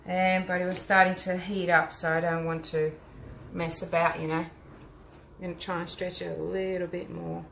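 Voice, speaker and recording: A woman's voice: fairly low pitch, level tone, normal speed, creaky, fairly bright tone. Chatty Australian woman in a roomy space. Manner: chatty, talks to viewers while working. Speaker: art teacher and vlogger. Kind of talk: casual live-stream chat while painting. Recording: roomy echo with faint hum.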